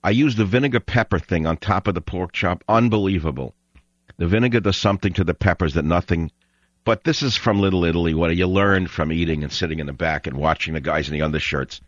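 A man hosting a talk radio show, ranting in an animated way and breaking into loud shouting. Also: deep voice, fast talker, no echo. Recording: dull lo-fi radio broadcast.

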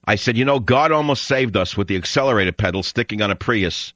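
Animated ranting male radio host. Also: on the low side, quick pace, no echo. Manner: animated ranting, bursts into loud shouting. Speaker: radio talk show host. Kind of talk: talk radio monologue. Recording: dull lo-fi radio broadcast.

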